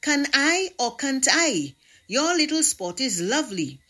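Storybook goat, male, greedy and insistent, read by a woman; high and bouncy. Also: sing-song, measured pace, sharp tone, heavily acted. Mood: pushy. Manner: insistent, demanding.

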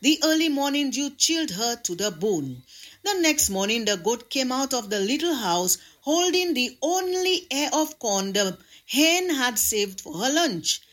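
A woman presenting a scripted radio devotional, reading with expressive storytelling. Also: sits high, unhurried.

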